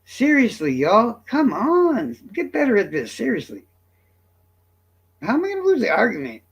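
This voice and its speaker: A man's voice: very high voice, huge pitch swings, normal speed, lo-fi sound. A man in his fifties ranting to his livestream chat, profane, boastful and combative. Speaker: streamer.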